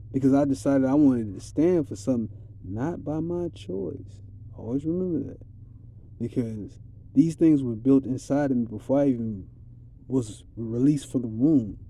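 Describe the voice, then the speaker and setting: A man's voice: mid-range voice, warm tone. A man giving a rambling, streetwise spiritual monologue in a casual, preachy way. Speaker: vlogger.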